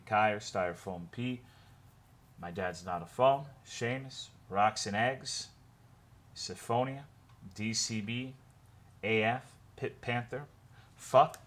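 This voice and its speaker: A low-voiced man chatting to his live-stream audience in an easy, unhurried way. He reels off viewer names and thanks people as he goes, dropping casual profanity throughout. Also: a bit bright, slight background noise. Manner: laid-back, profane, reads viewer names in a run. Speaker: streamer greeting chat.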